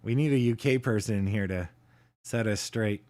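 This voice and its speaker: A man from Canada hosting a casual livestream, chatting with his viewers in a relaxed way and chuckling often. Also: on the low side, normal speed. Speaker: livestream host.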